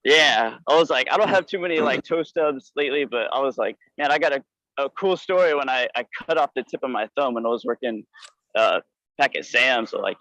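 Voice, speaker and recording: A man calling in to a live comedy show on a headset, telling a reckless work story in an excitable, casual way. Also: medium pitch, no room sound, dull audio. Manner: fast, excitable anecdote telling. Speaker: caller.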